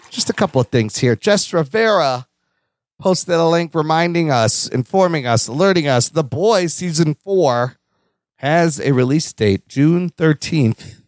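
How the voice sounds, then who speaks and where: A man's voice: fairly high pitch, animated, a little slow, no room sound, clean studio sound. A man hosting a casual podcast chat, laughing often as he reads out listener news. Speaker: podcast host.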